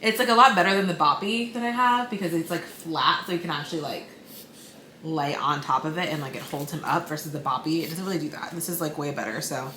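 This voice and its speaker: A woman's voice: sits low, quick pace. A young woman chatting casually in a vlog, bubbly and talkative, often cooing to her baby. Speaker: vlogger. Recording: noisy background.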